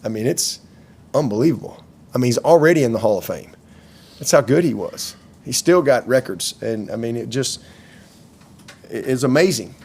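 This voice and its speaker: A man's voice: medium pitch, expressive, moderate pace, long pauses, a little mellow, breathy edge. A man, a head football coach, answering questions at a press conference in a rambling, heartfelt way, often repeating words and restarting.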